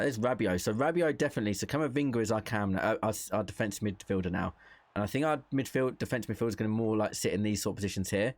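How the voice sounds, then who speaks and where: A young man with a lowish voice talks through a football game he is playing, in relaxed, chatty commentary. He thinks aloud as he goes and reacts to the moves on screen. The sound is dry and close, with no room around it. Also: no echo. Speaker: gaming content creator. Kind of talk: casual gameplay commentary.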